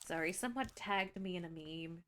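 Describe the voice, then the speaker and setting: A woman's voice: fairly low pitch, moderate pace, fairly bright tone, a little hiss or hum. A young woman streamer chatting casually, self-deprecating and swearing freely.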